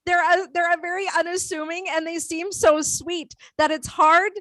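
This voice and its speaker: A woman's voice: very high-pitched, fairly even intonation, moderate pace, fairly bright tone, no echo. A woman co-hosting an internet radio show, talking casually in an emphatic, opinionated way. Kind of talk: casual chat.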